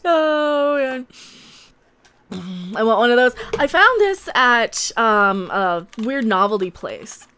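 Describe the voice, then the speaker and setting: A woman's voice: high-pitched, sing-song, slow, long pauses, pushed and bright, a little hiss or hum. A woman hosting a live stream, chatting casually with her viewers in a rambling, candid way and swearing freely.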